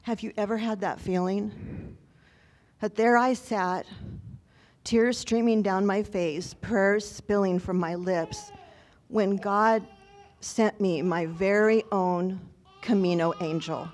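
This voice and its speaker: A woman's voice: mid-range voice, steady tone, slow pace, a little mellow. A woman telling a personal story to an audience in an earnest, reflective, conversational way.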